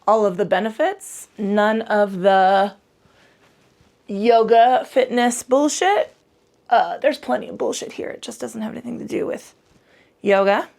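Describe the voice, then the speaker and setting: Woman, yoga teacher, casual class, irreverent, profane, talkative, some vocal fry. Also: mid-range voice, unhurried, darkish tone. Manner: irreverent and profane, chatty with self-corrections. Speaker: yoga instructor. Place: home yoga space on a mat.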